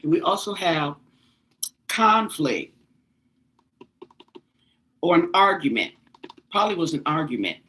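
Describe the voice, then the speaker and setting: A woman doing a casual tarot reading for viewers, exclamatory and animated, pleading with the cards to tell her more. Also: low-pitched, unhurried, long pauses. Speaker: tarot reader.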